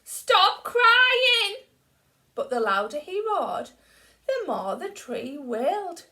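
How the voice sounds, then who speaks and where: A woman teacher reading a picture book aloud to children with slow, expressive storytelling that drops to a hush for quiet moments. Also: sits high.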